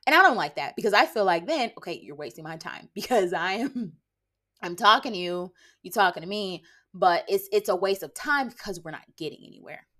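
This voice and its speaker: A woman's voice: medium pitch, expressive, a bit bright. A woman in her late twenties hosting a podcast, talking bluntly and sarcastically to her listeners and checking in with them with a pointed "okay?". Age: late 20s. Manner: blunt, sassy, lectures listeners with rhetorical "okay?"; sarcastic, quick bursts of laughter. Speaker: podcast host. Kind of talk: casual monologue podcast.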